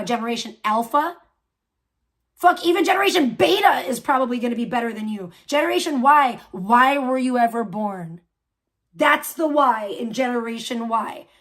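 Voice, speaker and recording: High-voiced woman in a profane rant. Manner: loud, profane, scornful ranting. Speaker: livestream host.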